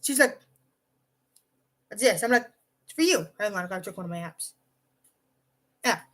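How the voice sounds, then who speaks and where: A woman's voice: medium pitch, normal speed, a bit bright. A young woman casually telling a rambling personal story, swearing freely and often restarting her sentences. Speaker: vlogger.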